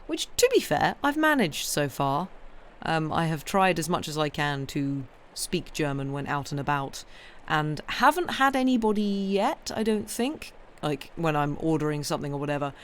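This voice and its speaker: A woman's voice: low-pitched, big pitch swings, normal speed, few pauses, slight background noise. A woman who streams herself reading novels aloud, chatting casually and rambling, full of ums and restarts. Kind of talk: casual chat on a live stream.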